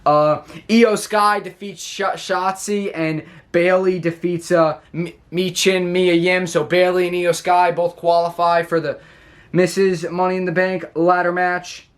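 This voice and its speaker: A man's voice: high voice, flat delivery, a little slow. A man hosting a casual vlog, reviewing a wrestling show in a rambling way as he talks his way through each event.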